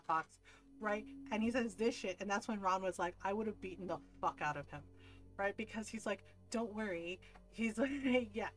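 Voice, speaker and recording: A woman streamer telling a story in casual chat, animated, swearing freely and laughing often. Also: a little high, poor audio.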